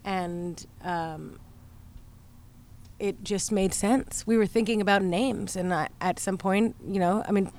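A woman musician talking about her songwriting in an interview, thoughtful and hesitant with many pauses and fillers. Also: mid-range voice, steady tone, darkish tone. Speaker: musician guest. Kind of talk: conversational interview.

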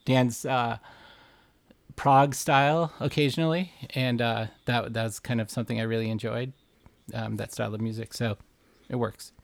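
A man from Wisconsin, a bass player being interviewed, talking in a hesitant way with many fillers. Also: steady tone, moderate pace, creaky, dry recording. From Milwaukee, Wisconsin, US. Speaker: band bassist, interview guest. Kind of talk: casual interview chat.

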